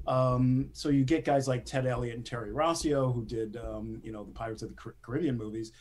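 A man who is a screenwriter, speaking as a guest in a casual interview and telling lively stories with acted-out quotes and frequent laughter. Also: medium pitch, a little fast. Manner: animated storyteller, acts out quotes, laughs often.

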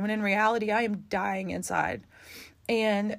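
A woman's voice: medium pitch, steady tone, measured pace, no room sound. A young adult woman hosting a solo podcast, talking openly and confessionally, rambling with fillers and close to tears. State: holding back tears. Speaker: podcast host. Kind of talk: candid solo podcast monologue.

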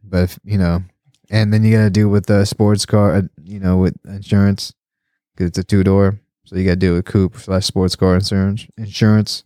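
Cursing rambling guy on a podcast, mellow dark voice, laughs a lot, dry sound. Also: sits low, moderate pace, no echo. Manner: profane, rambling, laughs often, animated when complaining. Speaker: podcast host. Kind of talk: casual chat.

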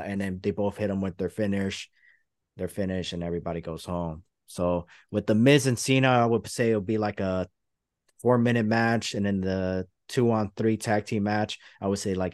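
A man's voice: sits low, a little mellow, no echo, studio quality. A man hosting a podcast, rambling through a play-by-play retelling in casual chat. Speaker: podcast host.

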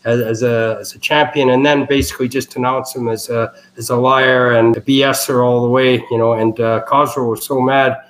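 A man's voice: mid-range voice, flat delivery, fairly quick, hardly any pauses, poor audio. A man telling wrestling stories as an interview guest, rambling, with many fillers and restarts. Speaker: guest, wrestling family member. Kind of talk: casual storytelling interview.

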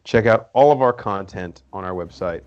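A man hosting a casual podcast chat, upbeat and quick to jump in. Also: deep voice, darkish tone, faint music behind. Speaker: podcast host. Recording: dull lo-fi sound.

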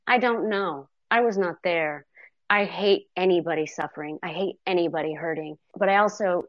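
A woman answering as a guest in a live online audio chat, halting, with many restarts. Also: on the low side, no room sound, lo-fi sound.

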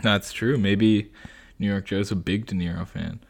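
A young man chatting on a podcast in a laid-back, easygoing way. His voice sits on the low side, and he fills pauses with plenty of ums and likes. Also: fairly even intonation, creaky. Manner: laid-back, lots of fillers. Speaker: podcast co-host. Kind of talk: casual chat. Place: girlfriend's family home.

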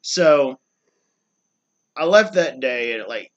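A young man co-hosts a casual podcast. He tells a long, rambling story in an animated way and throws in wrestling slang. His voice sits at a middle pitch. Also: slow, dull audio. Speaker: podcast co-host.

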